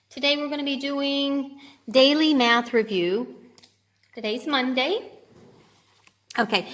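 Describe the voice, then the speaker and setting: A woman's voice: high voice, fairly bright tone. A woman teaching a grade two class remotely, patiently sounding out words and checking in with "okay?". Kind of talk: remote lesson for young children.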